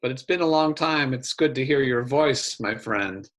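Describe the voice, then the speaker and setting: A man's voice: medium pitch, moderate pace, a bit bright, close to an everyday voice. A man voicing a jolly female wandering traveler in a tabletop game, with a put-on hearty accent. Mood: jolly, warm.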